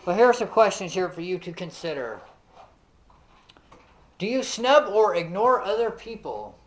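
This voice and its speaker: Male Bible teacher, fairly high voice, relaxed conversational delivery, quizzes his listeners directly. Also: normal speed, rough recording. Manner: conversational, peppered with "you know"; asks the listeners direct questions. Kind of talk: casual Bible lesson.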